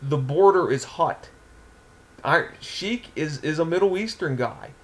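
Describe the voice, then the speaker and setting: A man's voice: fairly high pitch, expressive, measured pace. A man voicing a nervous male wrestler who pleads anxiously. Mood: pleading.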